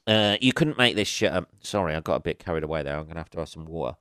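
A man's voice: very deep voice, animated, fast, a bit bright, clear, resonant tone, no echo. A man hosting a podcast, talking in a rambling, sweary monologue with chuckles and lots of fillers, close to the mic. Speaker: podcast host. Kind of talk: casual monologue.

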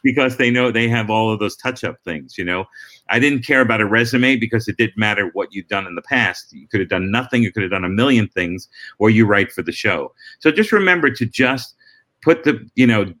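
Relaxed storytelling middle-aged comedian. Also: male voice, lowish voice, fairly quick. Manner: relaxed storytelling with frequent restarts and asides. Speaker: comedian and former talk-show warm-up act. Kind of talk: casual interview answers.

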